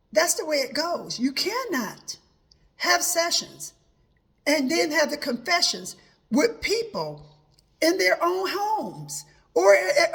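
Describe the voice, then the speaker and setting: A woman's voice: sits high, creaky, fairly bright tone. A woman hosting a personal advice talk, telling her own story earnestly and quoting herself with many repetitions of "I said". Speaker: host.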